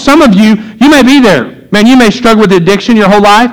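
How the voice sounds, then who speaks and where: A man's voice: high-pitched, quick pace, hardly any pauses, poor audio. A man, a pastor, preaching a conversational sermon, acting out little voices and asides.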